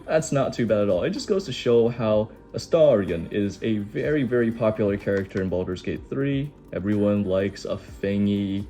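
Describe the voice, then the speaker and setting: Mellow, low-voiced man hosting an unboxing. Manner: relaxed, chatty, enthusiastic. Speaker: card-opening host. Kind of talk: casual unboxing chat.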